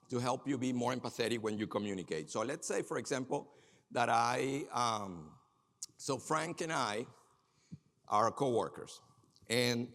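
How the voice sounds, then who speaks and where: A man's voice: medium pitch, vocal fry, a bit bright. A man giving a conference talk on empathy who keeps asking the audience questions and talking with them directly. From Minnesota. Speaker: conference speaker. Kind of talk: conference presentation. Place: large conference hall. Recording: long hall reverb.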